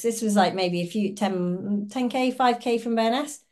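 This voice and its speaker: A woman's voice: on the high side, steady tone, moderate pace, a little mellow. A woman as a podcast guest, telling stories in a chatty way and acting out the lines she quotes. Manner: chatty storytelling, acts out quoted dialogue with laughs. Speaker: guest, ultrarunner and oncologist. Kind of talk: casual podcast interview.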